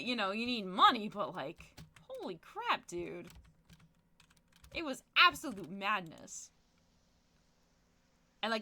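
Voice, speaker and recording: Lively, bright-voiced woman streamer. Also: medium pitch, measured pace, long pauses. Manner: animated storytelling with frequent laughs and fillers. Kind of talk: casual chat while gaming.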